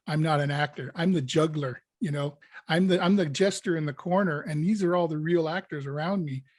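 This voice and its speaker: A male actor in an interview, telling a lively anecdote and acting out his own panic. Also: on the high side, brisk, dry recording. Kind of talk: casual storytelling interview.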